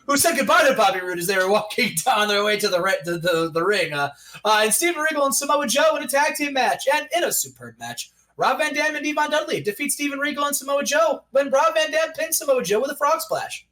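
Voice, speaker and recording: A man's voice: extremely high pitch, very animated, brisk, sharp tone, rough recording. A man co-hosting casual gameplay commentary, joking and laughing in playful banter. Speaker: co-host.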